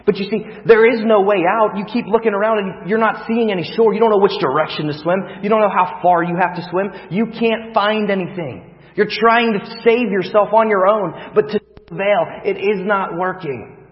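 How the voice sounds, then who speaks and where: A man preaching a sermon, telling a vivid story that swings from hushed to loud. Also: sits high, moderate pace. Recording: long reverb, dull lo-fi sound.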